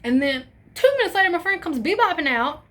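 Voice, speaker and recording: A young woman telling a storytime tale in casual, profane, animated chat, acting out her friends' lines. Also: very high-pitched, fairly quick. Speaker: storytime vlogger.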